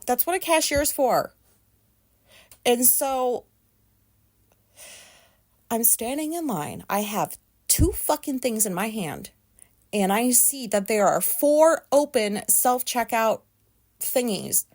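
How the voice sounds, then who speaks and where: A woman's voice: fairly high pitch, big pitch swings, unhurried, darkish tone. A woman venting in a casual, profane rant, agitated and exasperated, full of "like" fillers. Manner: profane, exasperated ranting with frequent "like". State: agitated, pissed off. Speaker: vlogger.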